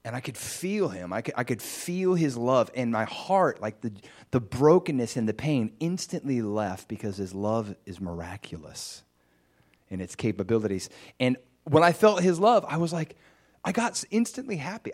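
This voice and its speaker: A man preaches a sermon at normal speed, telling his personal testimony in an animated storytelling way, with sudden high, excited bursts.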